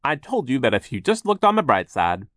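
A man's voice: medium pitch, wildly swooping pitch, a little fast, fairly bright tone, no echo, studio quality, pitched above the performer's own voice. A man voicing a relentlessly cheerful male mill worker who talks in a raised, reassuring way. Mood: cheerfully reassuring. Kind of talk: audiobook character voice.

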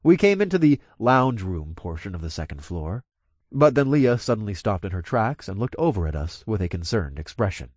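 A man narrating first-person fiction as an audiobook, with expressive storytelling. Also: fairly low pitch, moderate pace, dry recording, studio quality.

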